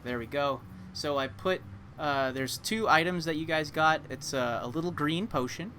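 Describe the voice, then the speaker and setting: A man's voice: on the high side, a little slow, pushed and bright, slight background noise. A man narrating a tabletop game as game master, describing scenes with many fillers and restarts.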